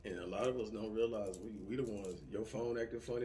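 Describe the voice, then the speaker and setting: A middle-aged man talking casually, telling lively stories with profanity and acting out yelling soldiers. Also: on the low side, fast, a little hiss or hum. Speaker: vlogger answering subscriber comments. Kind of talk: casual chat.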